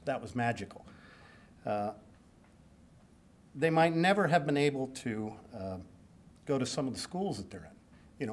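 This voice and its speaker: A man's voice: mid-range voice, a little mellow. A man in his sixties giving a hall of fame acceptance speech at a banquet, joking, self-deprecating and rambling.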